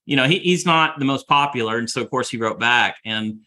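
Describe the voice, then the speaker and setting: A man's voice: medium pitch, brisk, bright, forceful tone. A middle-aged man co-hosting a podcast, chatting casually and repeating himself as he talks. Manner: rambling, repeats words while talking. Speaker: podcast co-host. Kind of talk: casual chat.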